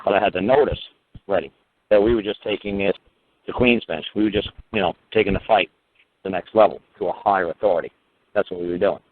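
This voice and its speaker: A man's voice: sits low, fast, no echo. A man telling a story in casual talk, blunt and emphatic, swearing freely and stacking asides. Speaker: common-law teacher. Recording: phone-like narrow sound.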